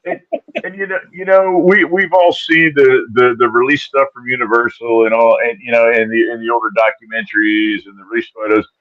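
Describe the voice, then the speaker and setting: A man's voice: medium pitch, flat delivery, brisk, dry recording, muffled recording. A man co-hosting a casual live stream, reacting eagerly to a guest's stories. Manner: enthusiastic, short reactions. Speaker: co-host.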